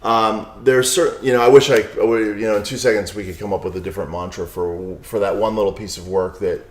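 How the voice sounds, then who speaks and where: A middle-aged man talks as a podcast guest, spinning anecdotes in a loose, conversational way with lots of little asides. His voice sits somewhat low, and the recording carries a noticeable roomy echo. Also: steady tone, quick pace. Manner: storytelling with many "you know" and "right?" asides. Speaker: podcast guest, author and lawyer. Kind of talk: casual interview conversation.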